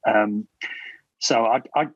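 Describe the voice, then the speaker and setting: A man's voice: fairly low pitch, slow, dry recording, lo-fi sound. A man talking as a guest on a podcast in a casual discussion, hesitating often and restarting his sentences. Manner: hesitant, many restarts and fillers. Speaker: podcast guest, film researcher.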